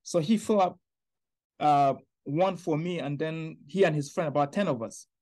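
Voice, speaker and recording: A man from Niger, a podcast guest telling his personal faith story in an earnest, animated way. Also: fairly high pitch, normal speed. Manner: earnest, animated storyteller who acts out quoted voices.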